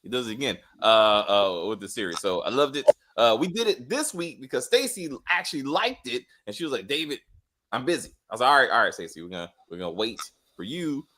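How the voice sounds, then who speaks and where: A man hosting a casual show review, animated and joking, with faint music behind. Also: medium pitch, a little fast, slight background noise. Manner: animated, joking, lots of uh fillers. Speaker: host.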